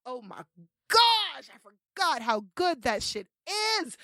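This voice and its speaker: A woman's voice: high voice, very animated, takes it slowly, creaky, pushed and bright, dry recording. A woman hosting a solo podcast, talking brashly and playfully, swearing freely and laughing often. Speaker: podcast host.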